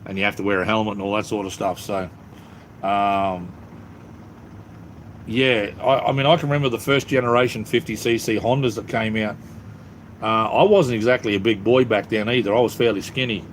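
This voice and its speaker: A man's voice: on the low side, steady tone, moderate pace, a little hiss or hum. A middle-aged man with an Australian accent, hosting a casual live stream in a rambling, laid-back way with many ums. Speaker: livestream host. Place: cleared-out space under his house.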